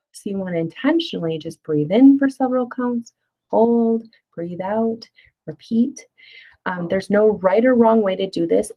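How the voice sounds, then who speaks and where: A middle-aged woman leads a parenting workshop in an easygoing lesson style. Her voice sits at an ordinary mid pitch. She talks conversationally and sometimes acts out little scenes with a playful touch. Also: a little mellow, low-quality recording. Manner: friendly, conversational, with fillers and acted-out asides. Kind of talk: casual spoken workshop lesson.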